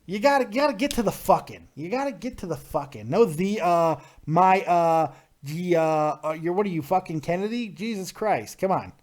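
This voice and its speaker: A man with a slightly high speaking voice hosts a live call-in show. He is blunt and profane, and he launches into rants without holding back. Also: lively intonation, moderate pace, darkish tone. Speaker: podcast host.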